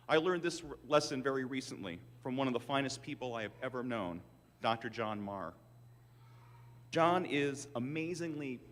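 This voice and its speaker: Older man, commencement speaker, wry self-deprecating stories, mid-pitched voice, long hall reverb. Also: a bit bright. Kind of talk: commencement address. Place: large auditorium.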